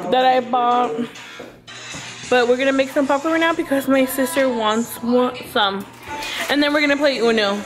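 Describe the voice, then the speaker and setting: A young woman chatting casually to her camera at home, rambling with lots of ums. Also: high-pitched. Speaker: vlogger. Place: at home, sitting down.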